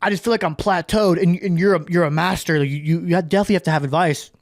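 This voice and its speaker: A man's voice: on the high side, steady tone, fast, dry recording, clean studio sound, close to an everyday voice. A man retelling an overeager odd stranger. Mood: earnest. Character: earnest, overeager young male stranger.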